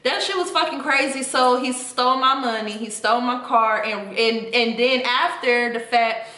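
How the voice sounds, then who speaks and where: Young woman vlogger, fairly high and bright, profane and heated, echoey room. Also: normal speed. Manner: heated, profane, venting to viewers. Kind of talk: casual storytime rant.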